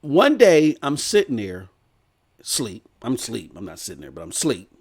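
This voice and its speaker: A man hosting a gaming news stream, telling a rambling story in a loud, animated way. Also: mid-range voice, normal speed, husky. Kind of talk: casual storytelling rant.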